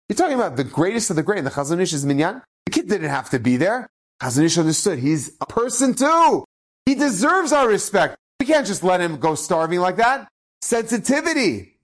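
A man's voice: high-pitched, a little fast. A man, a rabbi, telling inspirational stories in a Torah talk, acting out the quoted speech. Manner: animated, acts out quoted speech.

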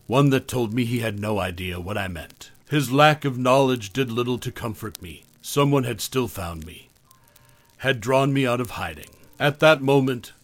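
A man narrating a horror story in a measured, steady way. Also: mid-range voice, no room sound.

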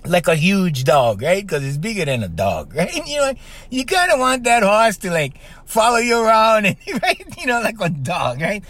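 Lively high-pitched podcast host. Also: male voice, moderate pace, dry recording. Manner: animated storytelling, keeps asking "right?"; trained singer's strong voice. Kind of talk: casual podcast monologue.

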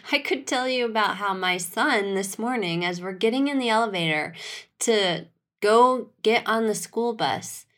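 A woman's voice: medium pitch, normal speed, fairly bright tone. A woman in her thirties, a breastfeeding counselor co-hosting a podcast, sharing a parenting anecdote with laughs in casual chat.

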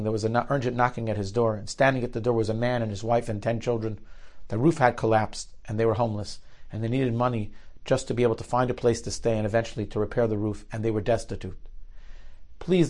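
A man telling a story aloud, dropping in Yiddish and Hebrew words and shifting his voice for the people in it. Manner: lively, shifts pitch and volume for quoted characters; uses Yiddish and Hebrew terms. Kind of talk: spoken storytelling.

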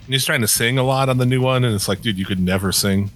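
A man's voice: medium pitch, fast, a bit bright, soft background music. A man co-hosting a podcast in casual chat, blunt and opinionated, swearing often. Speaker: podcast co-host.

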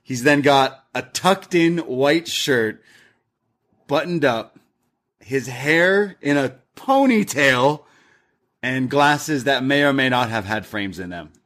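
A man's voice: medium pitch, lively intonation, slow pace, fairly bright tone. A man co-hosting a podcast, recapping an episode in casual chat with wry asides. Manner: wry, recaps scenes and reads quotes aloud. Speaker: co-host.

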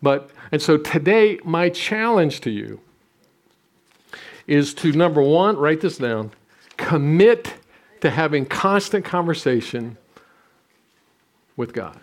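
Older pastor guy, kinda high voice, preaching w/ funny stories. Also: expressive, takes it slowly, long pauses. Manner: storytelling, self-deprecating humor, frequent restarts. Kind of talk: sermon.

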